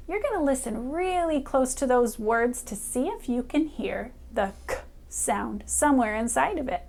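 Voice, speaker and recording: Cheerful woman teaching early reading. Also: fairly high pitch. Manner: cheerful, encouraging, speaks directly to a child; sounds out letters slowly and clearly. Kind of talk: upbeat children's reading lesson.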